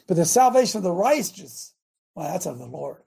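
Male host, raspy gravelly voice, emphatic preacher delivery. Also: sits high, very animated, normal speed, warm tone. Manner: emphatic, calls on callers by name. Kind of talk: reading scripture and hosting a call-in.

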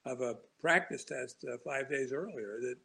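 A man's voice: mid-range voice, normal speed, vocal fry, bright, forceful tone, breathy edge, low-quality recording. A man guesting on a talk show, telling long, rambling anecdotes with frequent restarts and chuckles. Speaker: author guest. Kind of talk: casual storytelling interview.

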